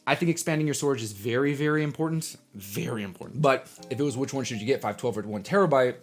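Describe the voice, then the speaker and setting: A young man hosting a casual live stream, telling an animated story and acting out the people in it, sometimes dropping to a hushed aside. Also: mid-range voice, fast talker. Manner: animated, acts out voices in his story, drops to hushed asides. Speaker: coffee livestream host.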